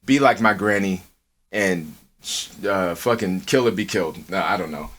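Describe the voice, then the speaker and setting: Man telling a story on a podcast. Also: moderate pace. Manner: swears a lot, animated, acts out quotes in a high voice. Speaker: podcast co-host. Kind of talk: casual storytelling. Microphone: earphones with mic.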